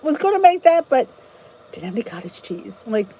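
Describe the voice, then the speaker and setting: A woman's voice: on the high side, sing-song, a little fast, dark tone, a little hiss or hum, poor audio. A woman hosting a casual livestream chat, greeting viewers by name and answering their comments in a rambling, chatty way. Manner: rambling with frequent restarts. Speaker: channel host.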